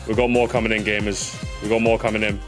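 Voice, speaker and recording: A man's voice: fairly low pitch, little pitch movement, quick pace, over music. A man hosting a casual gaming livestream, rambling jokily, repeating phrases and calling his viewers gamers. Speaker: livestream host.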